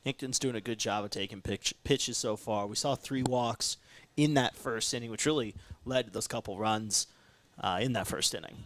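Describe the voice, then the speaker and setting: A man's voice: medium pitch, normal speed, noisy background. A young man from South Dakota giving laid-back, teasing baseball color commentary and laughing easily.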